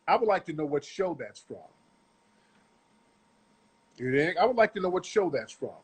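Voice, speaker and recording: A middle-aged man delivers ranting commentary on a video clip, blunt and full of profanity as he lectures his listeners. His voice is slightly raised in pitch and carries a husky edge. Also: sing-song, moderate pace.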